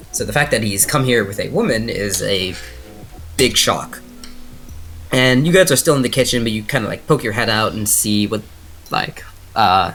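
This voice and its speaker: A man's voice: on the low side, fairly bright tone. A man narrating as game master of a tabletop horror game, casual and rambling with many fillers.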